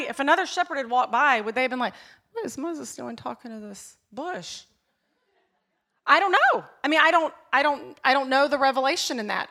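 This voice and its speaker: A middle-aged woman pastor delivering a sermon at a church service, her voice sitting a touch high. She leans hard on repeated phrases, then falls soft and hushed when she turns personal. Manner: emphatic, repeats key phrases, drops to a near-whisper in personal moments.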